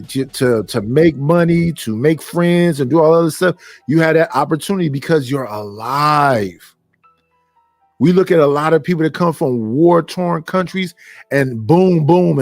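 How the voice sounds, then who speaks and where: A man's voice: on the high side, moderate pace, no echo, soft background music. A middle-aged man, hosting a live stream and ranting bluntly and profanely, preaching at his listeners. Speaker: stream host. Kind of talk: casual live-stream rant.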